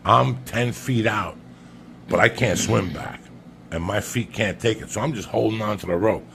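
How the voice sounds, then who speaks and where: A man's voice: lowish voice, normal speed, vocal fry, a bit bright, slight background noise. A man telling a crude, comic story on a podcast, swearing often and calling his listener by name. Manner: profane, emphatic, keeps addressing the listener by name.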